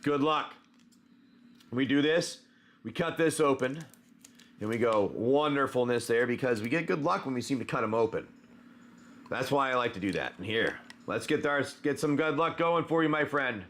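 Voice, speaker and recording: A man's voice: medium pitch, expressive, moderate pace, fairly bright tone, slight background noise. A man hosting a live card-opening stream, chatting casually and greeting viewers by name with plenty of "um" and "uh".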